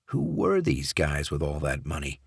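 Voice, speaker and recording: A male narrator reading a thriller audiobook in a steady, measured way. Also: rumbling low, creaky, slightly rough, no echo, clean studio sound. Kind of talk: scripted narration.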